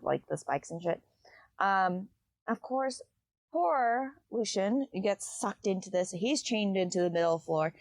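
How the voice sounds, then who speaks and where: A woman's voice: medium pitch, dry recording. Chatty woman recapping a book. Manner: chatty, loose, with many fillers. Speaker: book podcast host.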